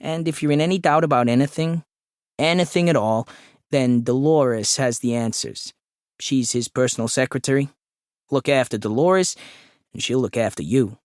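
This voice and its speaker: A man's voice: medium pitch, moderate pace, darkish tone, no room sound, clean studio sound, close to an everyday voice. A man voicing a short, bald, chatty office photographer with a nasal drawl who pants as he talks. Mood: chummy. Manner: eager, conspiratorial. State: panting.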